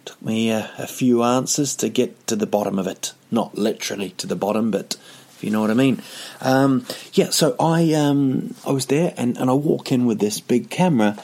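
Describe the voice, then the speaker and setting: A man's voice: mid-range voice, moderate pace, a little mellow. A man, a comedian hosting a podcast, telling a rambling comic story with self-mocking jokey asides. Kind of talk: casual comedic monologue.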